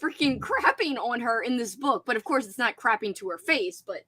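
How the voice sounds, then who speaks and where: A woman's voice: a little high, expressive, normal speed, sharp tone, slightly rough. A woman hosting a casual livestream chat, giggling and acting out lines from a book she is reading. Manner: chatty, giggly, acts out book characters. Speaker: host.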